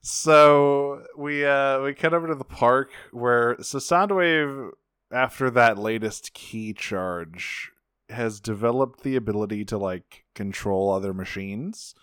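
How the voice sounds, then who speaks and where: A man's voice: medium pitch, takes it slowly, fairly bright tone, clean tone, no echo, clean studio sound. A man co-hosting a podcast, casually recapping a cartoon episode and acting out quotes with a laugh. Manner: laughs often, acts out quotes. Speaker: podcast co-host.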